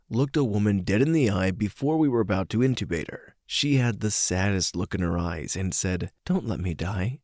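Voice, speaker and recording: A man reading online stories aloud in a measured, somber scripted narration. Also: fairly low pitch, darkish tone, no echo, clean studio sound. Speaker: story reader.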